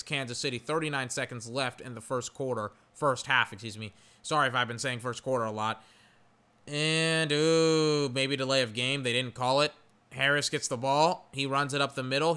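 Young male podcast host, bright tone, loose play-by-play with fillers and frustrated outbursts. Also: mid-range voice, smooth. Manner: gets loud and frustrated at plays, rambling with fillers. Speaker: podcast host doing game commentary. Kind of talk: casual live football commentary.

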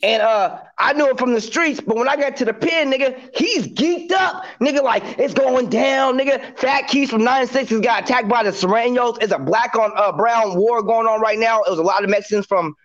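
Man, high voice, animated storyteller, slangy casual chat, dull lo-fi sound. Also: fairly quick, hardly any pauses. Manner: animated storyteller acting out quotes, heavy slang.

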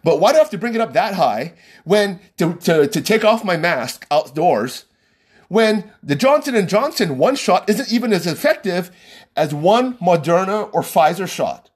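A man's voice: sits high, big pitch swings, normal speed, slightly rough. A man talking as a podcast host in an exasperated, argumentative rant that keeps repeating itself. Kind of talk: ranting monologue.

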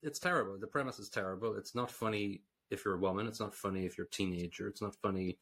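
A man's voice: fairly low pitch, steady tone, fast, fairly bright tone, a little hiss or hum. An Irish man co-hosting a film podcast, recapping sketches in casual chat with blunt, dismissive verdicts. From Ireland. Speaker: podcast co-host.

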